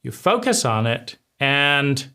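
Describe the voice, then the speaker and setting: A man teaching conversation skills in a deliberate way, often repeating himself and checking in with "right?". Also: medium pitch, big pitch swings, pushed and bright, clear, resonant tone. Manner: slow, deliberate, repeats phrases and asks "right?". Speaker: life coach.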